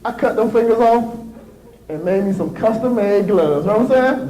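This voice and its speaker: A man in his thirties giving a motivational speech to students, telling stories in an animated way and acting out voices and sound effects. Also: very high voice, moderate pace, music in the background, a crowd in the background, poor audio. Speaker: motivational speaker. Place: school assembly.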